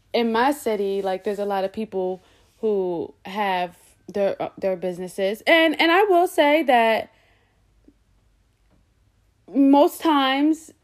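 A woman hosting her own podcast in a casual solo monologue, talking candidly with plenty of slang and cursing, and slipping into voices when she quotes people. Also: medium pitch. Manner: animated, slips into voices when quoting people. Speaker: podcast host.

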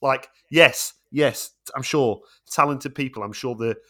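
A man's voice: medium pitch, a little slow. A middle-aged man co-hosting a film podcast, emphatic and getting worked up in casual chat. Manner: animated, emphatic, rising when worked up. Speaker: podcast co-host.

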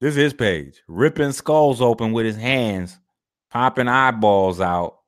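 A man's voice: medium pitch, lively intonation, a little slow, clean tone. A man hosting a video, giving casual commentary on clips in an emphatic, slangy, profane way and repeating his phrases for effect. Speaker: video host.

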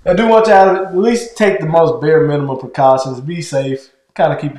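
A man's voice: a little high, steady tone, brisk, darkish tone. A man co-hosting a casual podcast, laid-back and folksy, laughing often as he talks. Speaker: podcast co-host. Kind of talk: casual chat. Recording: roomy echo.

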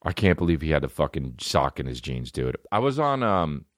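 Animated man riffing on a podcast. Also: rumbling low, a little fast, no room sound, clean studio sound. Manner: riffing, animated, jumps into put-on voices. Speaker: podcast host. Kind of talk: comedic monologue. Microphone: studio microphone.

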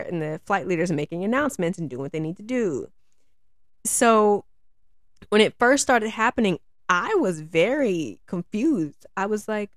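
A woman's voice: medium pitch, a little slow, no echo. American flight attendant lady ranting about passengers, lots of laughing, dry close sound. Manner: animated, laughs often, mimics passengers. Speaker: podcast host, flight attendant. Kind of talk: casual chat, ranting.

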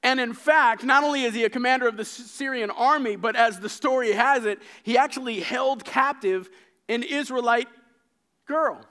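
A man preaching a sermon, retelling scripture stories with lively acted-out dialogue and frequent repeated words. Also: extremely high pitch, moderate pace. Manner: animated storytelling, acting out characters' lines.

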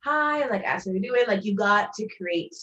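A woman journalist talks casually as a podcast guest. Her speech is easygoing and full of "like"s, and her pitch sits in a middle range. The sound is slightly muffled and lo-fi. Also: normal speed. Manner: relaxed, filler-heavy, frequent "like". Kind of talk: casual interview conversation.

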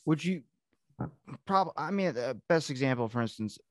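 A man's voice: medium pitch, lively intonation, moderate pace, no room sound, studio quality. A man hosting a podcast, asking long, curious, rambling questions. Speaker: podcast host. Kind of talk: casual podcast interview.

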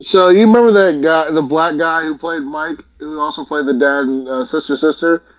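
Male podcast co-host, blunt and swearing, slightly high voice, dull lo-fi audio. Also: fairly even intonation, normal speed. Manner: blunt, profane, laughing. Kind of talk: casual chat.

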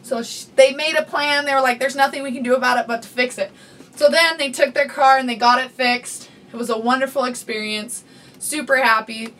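A woman's voice: high voice, fairly even intonation, fairly quick, a bit bright, recorded from a distance. A middle-aged woman chatting as a podcast guest, laughing often and telling a story with acted-out voices. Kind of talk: casual chat.

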